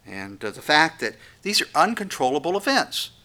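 Male pastor, sermon delivery, earnest and emphatic, bright forceful voice. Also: a little high, big pitch swings, normal speed. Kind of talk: expository sermon.

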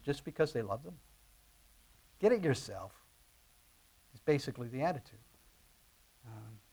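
A middle-aged man preaches in a loose, conversational sermon style. His voice sits fairly high for a man, and it rises into emphatic bursts. He often restarts his sentences mid-thought. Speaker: pastor.

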